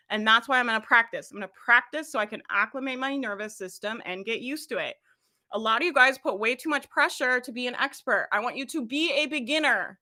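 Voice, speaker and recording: Bright-voiced energetic woman business coach. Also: fairly high pitch, fairly quick. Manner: energetic, laughs often, addresses listeners directly. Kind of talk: motivational coaching talk.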